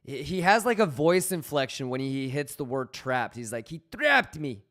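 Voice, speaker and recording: A livestream host with a medium-pitched, animated voice talks at a normal speed during casual chat. He jokes loosely and swears, reads chat messages aloud, and excitedly greets viewers by name.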